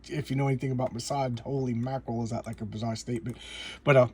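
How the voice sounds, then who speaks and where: A man casually recapping and reviewing a comic book, rambling and halting with frequent restarts and chuckles. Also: mid-range voice, fairly even intonation, a little mellow, slight background noise.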